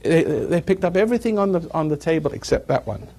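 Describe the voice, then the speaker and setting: A man's voice: on the high side, lively intonation, quick pace, mellow, slight background noise. A man giving a rambling talk to a live audience, chuckling at his own jokes as he tells stories. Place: evening gathering with an audience.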